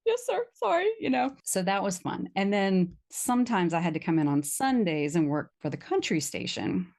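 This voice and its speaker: A middle-aged woman from Virginia talks in a fairly low voice as a podcast guest. She tells stories with energy and jumps into other people's lines with a raised, playful voice. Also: moderate pace. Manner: animated storyteller, acts out quotes in a raised voice. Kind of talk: casual podcast interview, storytelling.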